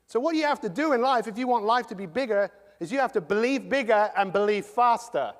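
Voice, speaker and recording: A man's voice: sits high, brisk. Man pumping up a hall crowd. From England. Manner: energetic, rhetorical, quizzes the crowd. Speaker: motivational speaker. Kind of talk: live motivational talk to a seminar audience. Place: large conference hall. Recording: long hall reverb.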